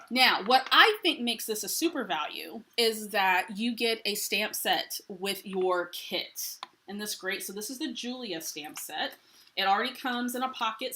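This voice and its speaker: A woman's voice: mid-range voice, bright, forceful tone. A woman with a mid-range voice hosts a live craft unboxing. She is chatty and enthusiastic and greets viewers by name. A faint hiss sits under the recording. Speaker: craft livestream host.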